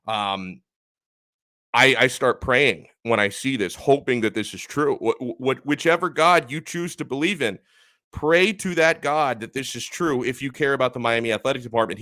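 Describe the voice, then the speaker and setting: Guy hosting a live sports stream, bright punchy voice, dry close sound, gets loud and emphatic. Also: medium pitch, dry recording. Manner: animated, emphatic, reads chat comments. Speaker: sports talk host.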